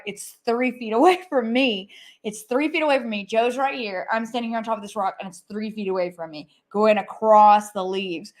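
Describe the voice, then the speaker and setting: A woman co-hosting a paranormal live stream, recounting an encounter vividly and repeating herself for emphasis. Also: medium pitch. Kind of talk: casual live-stream chat.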